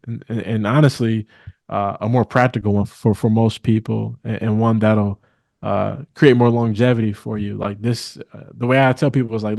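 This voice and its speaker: A man's voice: medium pitch, fairly even intonation, a little fast, gravelly, a little mellow, no echo, studio quality. A man from Milwaukee, a guest attorney, talking earnestly in a casual interview with many fillers. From Milwaukee, Wisconsin.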